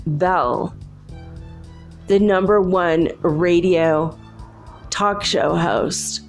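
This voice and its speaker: A woman's voice: lowish voice, darkish tone. A woman hosting her own podcast, chatting straight to her listeners and laughing often between phrases. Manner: chatty, addresses listeners directly. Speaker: podcast host. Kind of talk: casual solo podcast monologue.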